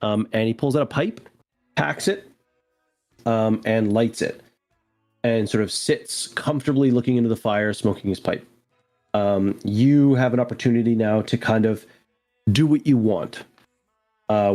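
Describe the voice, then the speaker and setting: A man's voice: fairly low pitch, normal speed, mellow, faint music behind. A man narrating a tabletop game as game master, loose and descriptive with lots of fillers.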